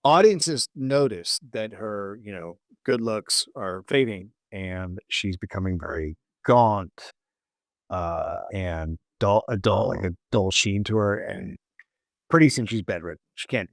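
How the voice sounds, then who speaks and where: A man hosting a comedy podcast, retelling a history story casually with halting restarts. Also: fairly low pitch, dry recording, clean studio sound. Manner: halting, many restarts and fillers.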